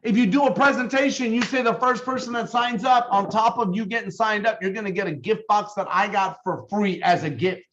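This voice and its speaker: A man's voice: sits high, a little fast, few pauses, fairly bright tone, muffled recording. Fired-up man leading a sales team. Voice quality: fired up, emphatic, intense delivery. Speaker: team leader. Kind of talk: motivational sales training talk.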